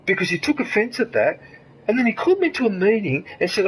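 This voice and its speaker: Ranting over his gameplay, an Australian man sounds angry and profane, packing in curses and rhetorical questions. His voice sits high and is very animated at a quick pace, in a low-quality recording with slight background noise.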